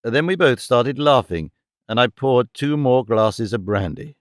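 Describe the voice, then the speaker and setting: A man narrating a detective story in the first person, even and clear. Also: mid-range voice, measured pace, no room sound, clean studio sound. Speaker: audiobook narrator.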